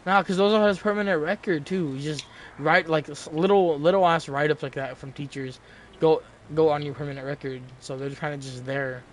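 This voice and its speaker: A man's voice: a little high, brisk, slight background noise. A young man in his late teens, telling a story in casual chat, rambling with lots of fillers and restarts.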